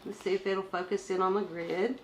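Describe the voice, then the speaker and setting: A woman's voice: mid-range voice, level tone, brisk, a little hiss or hum. A woman chatting casually as she shows her craft kit, rambling and joking about herself. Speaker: crafting vlogger. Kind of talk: casual show-and-tell chat.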